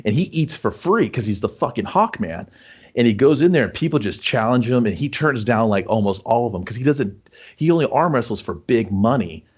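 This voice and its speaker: A man's voice: mid-range voice, expressive, a little fast, husky, lo-fi sound. A young man co-hosting a casual podcast chat, rambling and swearing as he riffs on a movie plot and laughs at his own jokes. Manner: rambling, profane, laughs a lot while telling it. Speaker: podcast co-host. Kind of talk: casual chat, riffing a made-up movie sequel.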